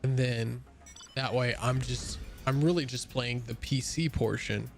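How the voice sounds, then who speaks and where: A young man with a gravelly voice talks casually to his viewers while playing a game. He rambles with plenty of fillers and restarts, and sounds a little tired. Faint game music hums behind him. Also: mid-range voice, steady tone, a little slow. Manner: yawning, a bit tired. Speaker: gaming streamer.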